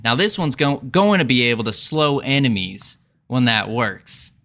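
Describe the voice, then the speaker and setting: A man's voice: medium pitch, pushed and bright. A man, an indie game developer, demoing his game on a casual livestream in a jokey put-on Southern drawl and laughing often.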